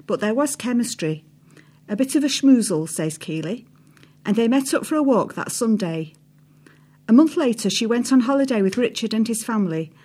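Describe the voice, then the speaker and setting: A woman with a fairly high voice reads a newspaper feature aloud. She narrates in an even, measured way and drops low on each "she says" tag. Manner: reads quotes with a lift, drops for speech tags. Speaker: narrator reading an article. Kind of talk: scripted narration reading quotes aloud.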